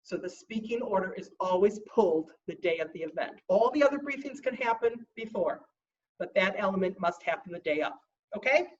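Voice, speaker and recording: A woman's voice: mid-range voice, lively intonation, far from the mic, dull audio. Fussy woman giving an emphatic training briefing. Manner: emphatic, slows down to stress points; self-described fussy stickler. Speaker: contest trainer.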